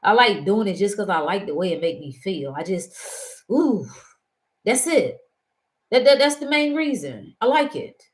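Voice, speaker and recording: A woman's voice: medium pitch, moderate pace. Chatty, laughing woman. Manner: animated, laughs often, digresses into stories. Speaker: host. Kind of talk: casual chat.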